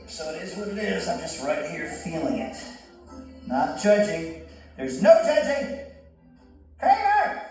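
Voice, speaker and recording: A man leading a guided yoga session in a casual, encouraging and self-joking way. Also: on the high side. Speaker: yoga instructor. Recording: echoey room, distant mic, soft music.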